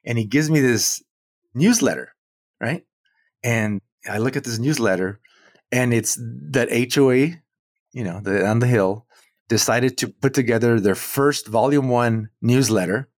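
A man, a muralist guest on an interview show, telling a story in an animated way and acting out the quoted dialogue. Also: mid-range voice, a little slow, dry recording, clean studio sound. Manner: animated, acts out quoted dialogue, chuckles between points.

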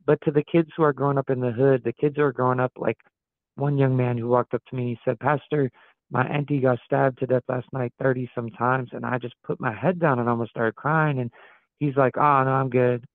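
A man from Wisconsin speaks as a guest pastor in an interview, earnest and reflective, circling back and restarting as he works through his thoughts. His mid-pitched voice carries a steady gravelly fry. The sound is tinny and phone-like, with a dry, close feel and no room around it. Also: brisk, dry recording. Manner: earnest, reflective, thinks aloud with frequent restarts. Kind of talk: podcast interview.

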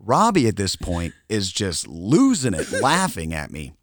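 A man with a very low voice tells a story casually on a podcast, laughing often as he goes. The recording is dry and close. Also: wildly swooping pitch, a little slow, no echo. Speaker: podcast co-host.

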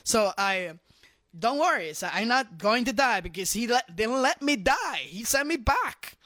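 A middle-aged man, a guest on a faith program, telling his personal testimony with animated, repetitive storytelling. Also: very high voice, a little slow, no room sound.

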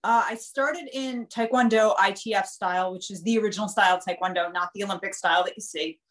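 A woman guest on an interview show, telling lively stories and acting out the voices of the people in them. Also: mid-range voice, fast. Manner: animated, acts out quoted voices in her stories. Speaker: guest, nurse and author. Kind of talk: casual storytelling interview.

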